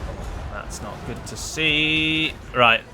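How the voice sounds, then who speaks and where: A man's voice: mid-range voice, slow, pushed and bright, slight background noise. A man giving casual live gameplay commentary, chatty and wry, talking to his units as he plays. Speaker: gaming video creator.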